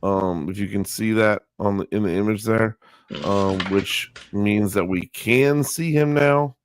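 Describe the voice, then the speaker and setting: A man's voice: fairly low pitch, a little slow, a little hiss or hum. A man co-hosting a casual wrestling podcast, rambling with many restarts and fillers. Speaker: podcast co-host.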